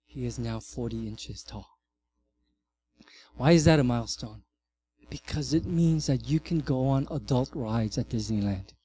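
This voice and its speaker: A man in his thirties, a pastor, preaching a sermon and telling a family story with lively swings from loud to hushed. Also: mid-range voice, a little slow.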